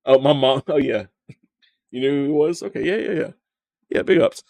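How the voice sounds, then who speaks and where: A man's voice: medium pitch, expressive, normal speed, gravelly, darkish tone, dry recording. A man from the American South, mocking a video in casual, profane live commentary, laughing often. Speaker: streamer reacting to a video.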